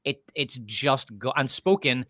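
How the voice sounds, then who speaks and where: Blunt northern Irish man, bright tone. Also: mid-range voice, unhurried, dry recording, studio quality. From north of Ireland. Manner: blunt, profane, scornful. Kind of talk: casual opinionated chat.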